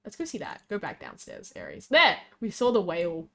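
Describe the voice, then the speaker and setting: A woman's voice: lowish voice, huge pitch swings, a little fast, gravelly, fairly bright tone. A young Australian woman streaming as a VTuber, chatting casually with a rambling, giggly way of talking as she reads chat aloud.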